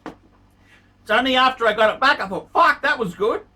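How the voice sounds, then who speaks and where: Man, angry profane rant, very lively pitch, heard from a distance off the mic. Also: moderate pace. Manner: furious, swearing, repeats insults. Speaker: watch vlogger.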